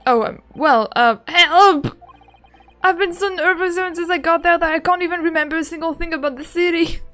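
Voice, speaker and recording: A woman voicing a nervous young male lawyer who talks in a flustered, hurried way while playing a game. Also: very high-pitched, fairly bright tone, faint music behind, voice pushed up.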